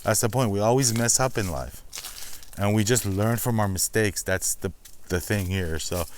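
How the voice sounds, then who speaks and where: A man with a fairly low voice talks straight to his viewers as he walks up a steep hill outdoors, a little short of breath. His delivery is chatty and reflective, and he keeps calling his audience "guys.". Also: moderate pace, slight background noise. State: out of breath walking uphill. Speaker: slots channel host. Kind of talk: casual walk-and-talk vlog.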